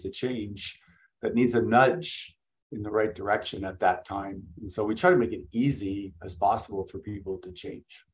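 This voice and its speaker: A middle-aged man from Canada, a guest and event speaker, talking in a blunt, energetic, salesman-like way in a casual interview. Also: fairly low pitch, rough recording.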